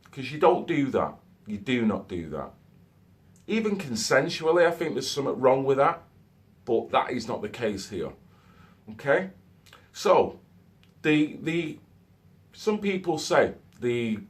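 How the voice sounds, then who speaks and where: Man vlogging in casual talk. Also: mid-range voice. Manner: conversational, keeps adding "okay?" and "so to speak". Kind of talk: casual monologue to camera.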